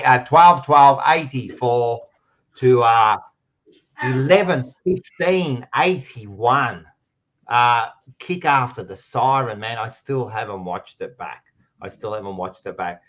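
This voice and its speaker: Loud teasing Australian man, muffled sound. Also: mid-range voice, measured pace. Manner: loud, teasing, swears freely. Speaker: podcast co-host. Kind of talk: casual footy chat.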